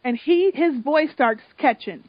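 A woman's voice: high voice, animated, unhurried, dry recording. A woman in casual chat, telling an emotional story with swearing and lots of feeling. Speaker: podcast co-host recapping a reality show. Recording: dull lo-fi sound.

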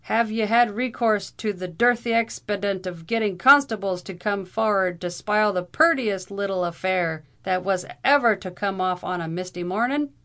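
A woman's voice: medium pitch, normal speed, hardly any pauses, fairly bright tone, voice pushed up, natural voice. A woman voicing a hot-tempered Irish army captain who roars and blusters, in a put-on Irish accent. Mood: furious. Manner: roaring, blustering.

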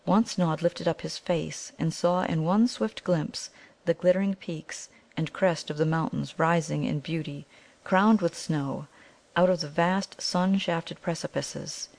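Low, creaky woman reading a story. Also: measured pace, darkish tone. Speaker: audiobook reader. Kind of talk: storybook narration.

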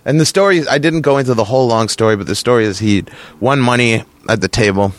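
A man's voice: medium pitch, fast, no room sound. A man hosting a podcast, telling stories in casual chat and laughing often as he goes. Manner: laughs often, animated storyteller.

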